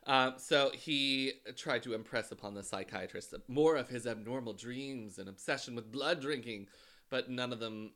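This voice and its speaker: A man's voice: mid-range voice, normal speed, fairly bright tone. A man co-hosting a casual podcast, telling a true-crime story with frequent ums and dry asides. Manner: hesitant, many ums and uhs, dry asides. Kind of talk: casual chat, recounting a case.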